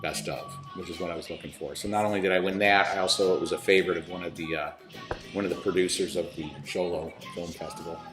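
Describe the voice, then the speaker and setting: A man's voice: low voice, steady tone, quick pace, music in the background. A man, a filmmaker and musician, chatting as an interview guest in a rambling, restarting way. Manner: rambling, with many restarts and laughs. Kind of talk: casual interview talk. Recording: roomy echo.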